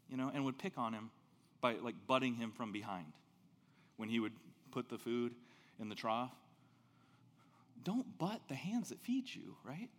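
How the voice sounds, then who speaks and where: A man preaching a sermon as pastor, telling stories with big swings between loud and soft. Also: long reverb tail. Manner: animated storytelling, big swings in pitch and loudness.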